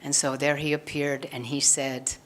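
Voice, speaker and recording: A woman's voice: extremely low pitch, flat delivery, normal speed, slight background noise. A woman giving a spiritual satsang talk, earnestly retelling a gospel story and acting out the quoted lines. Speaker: satsang speaker.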